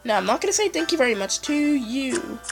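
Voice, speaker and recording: A woman giving casual, excitable commentary while playing a game. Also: high voice, a little fast. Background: game music.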